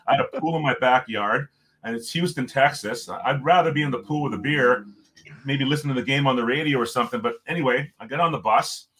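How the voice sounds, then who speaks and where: Animated male storyteller, mid-pitched voice. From Jamaica. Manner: animated storyteller, acts out quotes, many restarts. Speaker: podcast guest, former pro hockey player. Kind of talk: casual storytelling.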